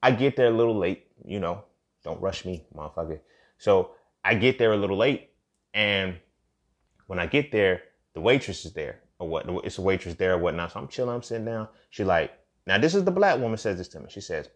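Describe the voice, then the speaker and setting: A man's voice: fairly low pitch, animated, brisk. A man hosting a solo podcast, talking in a casual monologue with heavy profanity, street slang and repeated phrases. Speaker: podcast host.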